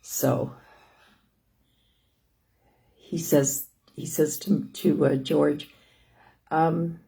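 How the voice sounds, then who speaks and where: A woman's voice: deep voice, fairly even intonation, drawn-out words, creaky, mellow. An older woman hosting a live stream, chatting casually and rambling with many restarts and "anyways". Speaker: host of a live stream about living with lung disease.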